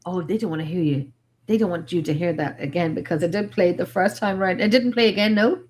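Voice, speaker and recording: Excitable Irish woman on a video call. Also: lowish voice, brisk, slight background noise. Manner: excitable, rambling, many restarts. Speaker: paranormal investigator. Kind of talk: casual chat on a video call.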